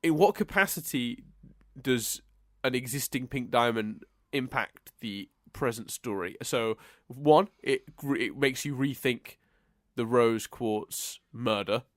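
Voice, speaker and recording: This podcast co-host speaks slowly in a medium-pitched, slightly bright voice, rambling casually, restarting often, and laughing a lot. The audio is studio quality with no room sound.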